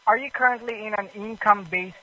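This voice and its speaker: A male telemarketer with a high, bright voice works through a sales script on a phone call. He speaks haltingly and fills the gaps with "uh" and "um.". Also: no echo. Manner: reads a script, hesitant with fillers.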